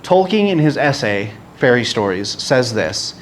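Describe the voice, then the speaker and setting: Brief: male preacher, casual sermon, animated and rambling, lively pitch. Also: a little slow, a little hiss or hum. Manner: rambling, animated storytelling with many restarts.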